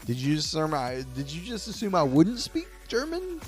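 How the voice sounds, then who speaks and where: Male streamer, lively up-and-down delivery, higher voice, swears, chatty with viewers, faint music behind. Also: moderate pace. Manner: excitable, swears a lot, talks to chat. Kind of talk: live-stream gameplay commentary.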